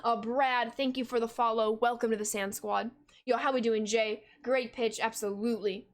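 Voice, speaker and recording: A woman's voice: a little high, steady tone, moderate pace. Upbeat young woman calling game plays. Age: 20s. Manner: upbeat, greets viewers with casual "yo". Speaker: streamer and game commentator. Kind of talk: play-by-play commentary mixed with live chat replies.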